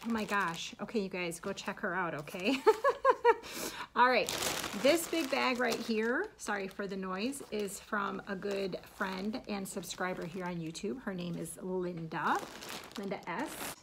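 A woman's voice: mid-range voice, unhurried, creaky, noisy background. A woman who vlogs about crochet, chatting casually to viewers as she unboxes gifts, gushing and laughing often. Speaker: crochet vlogger.

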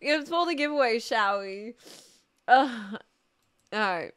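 A high-voiced woman on a live stream, reacting to a clip and repeatedly collapsing into a goofy, helpless laugh. She talks slowly and sounds breathless and lightheaded between giggles. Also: expressive, a bit bright, clear, resonant tone. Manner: keeps breaking into helpless laughter.

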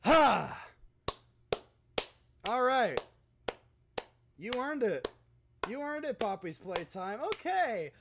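High-voiced, gravelly male streamer, lively and loud. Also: drawn-out words, pauses often, background noise. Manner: loud, excitable, swears a lot, shouts at game enemies. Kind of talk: live gameplay commentary.

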